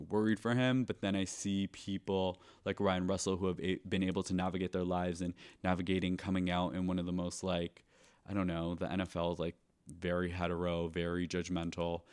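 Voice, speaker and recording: A young man hosts his podcast with a deep voice, talking casually as if to a friend. He drops "like" everywhere and restarts his sentences. His tone stays clear and smooth throughout. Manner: chatty, heavy use of filler "like", frequent restarts. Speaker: podcast host. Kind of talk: casual storytelling monologue.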